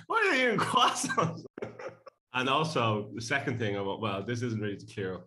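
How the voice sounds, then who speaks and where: A man's voice: on the low side, fairly bright tone. A man co-hosting a podcast in casual, joking chat, laughing often. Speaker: podcast co-host. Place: Bondi home.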